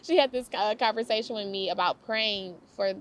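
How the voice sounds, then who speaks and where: A young woman giving a casual devotional talk, lively and slangy, laughing often and repeating her phrases for emphasis. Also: mid-range voice, moderate pace, slight background noise. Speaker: faith talk host.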